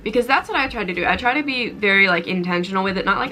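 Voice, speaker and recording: Bright-voiced young woman vlogging casually. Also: medium pitch, animated, a little fast, a little hiss or hum, poor audio. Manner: chatty and self-deprecating, rambling with fillers and laughs. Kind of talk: casual vlog chat to camera. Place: home kitchen and bedroom.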